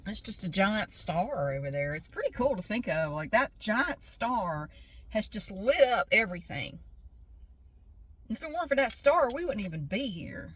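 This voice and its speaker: A woman's voice: medium pitch, fairly bright tone, breathy edge. A middle-aged woman talks from her parked car in a loose, rambling vlog voice. She wanders off topic, pokes fun at herself and keeps the story moving. Faint car sounds sit behind her. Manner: rambling, chatty, self-deprecating storytelling. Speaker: vlogger. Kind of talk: casual chat vlog.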